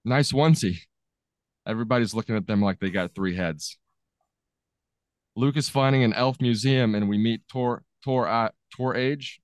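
A man's voice: on the low side, moderate pace, pauses often, a little mellow, clean tone, no echo. A man co-hosting a podcast, casually recapping a movie's plot with a laid-back manner and occasional chuckles. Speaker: podcast co-host recapping a film.

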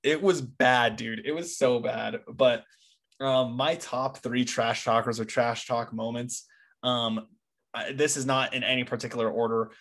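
An excitable young man co-hosting a sports podcast in loose, casual chat. He peppers his talk with "dude" and "like", at a middle pitch for a man. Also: measured pace. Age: young adult. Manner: excitable, says "dude" a lot. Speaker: podcast co-host.

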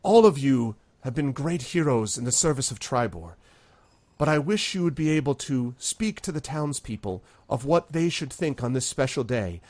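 A man's voice: medium pitch, darkish tone, pitched above the performer's own voice, natural voice. A man voicing a formal, dignified woman who leads a town, speaking in a stately, ceremonious way.

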